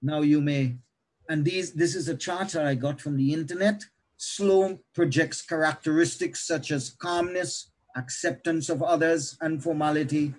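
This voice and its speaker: A man, himself a pastor, lecturing other pastors on how to preach, with animated teaching that shifts pace and loudness. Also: on the high side, normal speed, poor audio.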